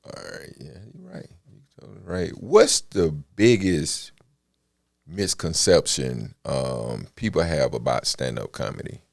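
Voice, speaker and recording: A podcast host leads a casual interview with short affirmations and questions. His voice is very deep and gravelly, with a lively, swinging pitch. The sound is dry and close. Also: measured pace, dry recording.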